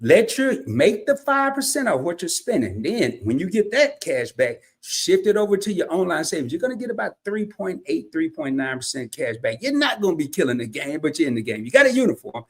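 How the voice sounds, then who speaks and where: Brief: man, livestream host, fairly high voice that jumps all over, folksy and slangy, casual chat to viewers at a laptop. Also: a little fast, few pauses, husky. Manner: animated and folksy, loose slangy phrasing.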